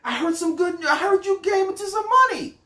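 Guy doing a squeaky pushy cousin, all fake-friendly, roomy echo. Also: lively intonation, fairly quick, sharp tone, heavily acted. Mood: wheedling. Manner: overeager, wheedling street talk. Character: pushy adult male cousin begging for money.

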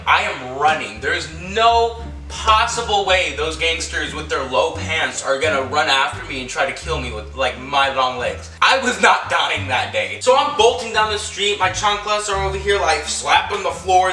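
A young man from California, telling a story at home in an animated, excitable way, full of fillers and acted-out quotes. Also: high voice. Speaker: vlogger. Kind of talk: storytime vlog. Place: at home indoors. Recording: echoey room, mic at a distance.

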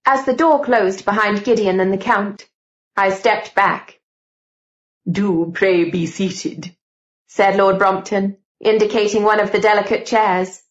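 A woman narrating an audiobook with clear, steady storytelling. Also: mid-range voice, moderate pace, dull audio. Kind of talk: scripted narration.

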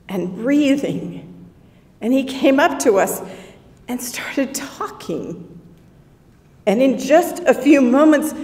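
Woman doing a stunned grieving sister, slow emotional storytelling w whispers, big church echo. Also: on the high side, a little mellow. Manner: emotional storytelling, drops to whispers at tense moments. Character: grieving adult woman sister, awestruck witness. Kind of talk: first-person dramatic monologue in a worship service. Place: church sanctuary. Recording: echoey church hall.

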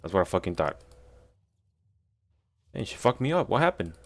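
A man with a fairly low voice gives casual, unscripted commentary over his gameplay. He swears constantly and grumbles in frustration, trash-talking his opponents as he plays. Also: sing-song, moderate pace. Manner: profane, frustrated trash talk. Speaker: gameplay streamer.

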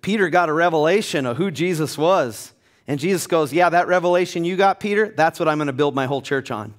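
A man pastor preaching a passionate sermon in a church, building to loud emphatic peaks. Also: a little high, fast. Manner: passionate, rising to near-shouting. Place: church sanctuary.

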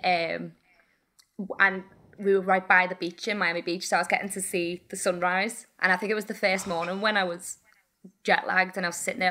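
A young woman, a guest in a casual interview, telling stories in an animated, filler-heavy way. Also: lowish voice, brisk. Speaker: guest singer-songwriter.

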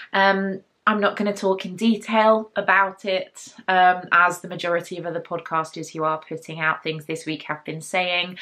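A young woman from England hosting a knitting podcast from home, talking in a gentle, chatty way with frequent ums. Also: lowish voice. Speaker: podcast host. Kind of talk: casual knitting podcast chat.

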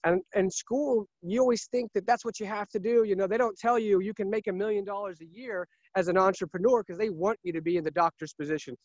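Earnest car salesman, high voice. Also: quick pace, few pauses, a little mellow, dry recording, dull audio. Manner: earnest, repetitive, emphatic. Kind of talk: casual interview talk.

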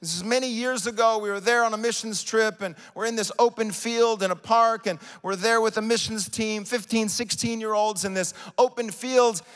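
A man preaching a sermon live in a church, rising to shouts and falling to soft, quiet stretches. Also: high-pitched, fairly even intonation, normal speed, hardly any pauses, smooth. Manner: impassioned preaching, builds to shouts then drops soft. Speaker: pastor. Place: large church sanctuary. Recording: live church hall reverb.

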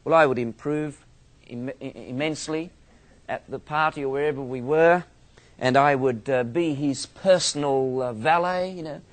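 A man's voice: mid-range voice, moderate pace. A man from Australia with an Australian accent, a minister giving a theology lecture full of humorous, self-mocking stories.

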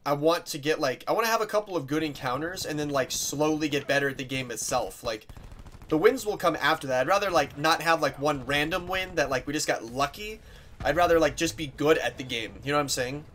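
A young man talks through a shooter match on his stream in a loose, rambling way. He swears freely and pads his sentences with "like". His voice sits a little higher than most men's. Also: brisk, a bit bright, a little hiss or hum. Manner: swears a lot, rambling with many "like"s. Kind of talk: casual gaming chat.

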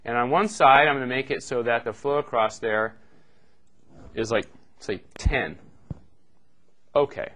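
A man's voice: medium pitch, unhurried, long pauses, pushed and bright. A middle-aged man giving a live university lecture, explaining steps in a loose, joking way with frequent "okay" and "right.".

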